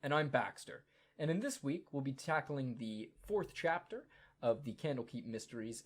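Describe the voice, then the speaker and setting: A man's voice: medium pitch, expressive, moderate pace. Upbeat, chatty male game master. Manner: upbeat, chatty, many fillers. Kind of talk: narrating a tabletop game.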